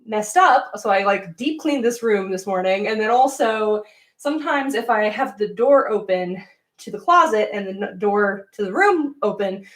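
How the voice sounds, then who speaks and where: A woman's voice: mid-range voice, expressive, moderate pace, far from the mic. A young woman hosting a casual livestream from a spare room at home, chatty and giggly, laughing often. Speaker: livestream host. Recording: roomy sound, voice away from the mic.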